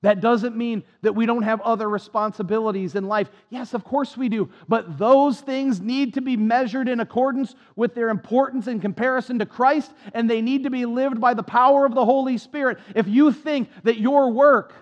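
High-voiced pastor preaching with passion. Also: male voice, steady tone, moderate pace, few pauses, long reverb tail. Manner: impassioned, repetitive, self-deprecating. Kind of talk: sermon. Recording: dull lo-fi.

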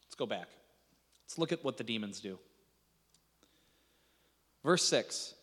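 A man's voice: medium pitch, animated, slow pace, fairly bright tone, big-room sound. A man preaching a sermon as pastor, conversational, restarting phrases and asking the congregation rhetorical questions.

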